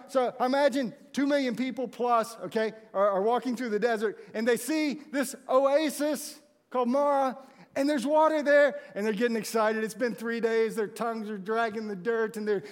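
A man preaching a conversational sermon and acting out the people in the story. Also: very high-pitched. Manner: conversational, animated storytelling with acted-out quotes. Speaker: pastor. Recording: long hall reverb.

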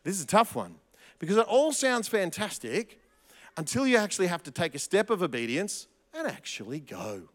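A fairly high-voiced man preaching with a lively, swooping delivery, often restarting and repeating himself for emphasis. His voice rings out with a long hall reverb around it. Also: moderate pace. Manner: animated, with frequent restarts and emphatic repetition. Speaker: pastor. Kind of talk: sermon.

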